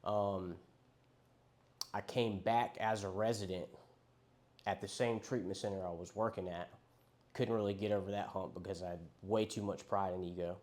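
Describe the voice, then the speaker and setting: A young man speaks in a lowish voice. He tells his own story of addiction and recovery in a candid, rambling way, swearing casually and acting out what others said to him. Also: steady tone, moderate pace, darkish tone.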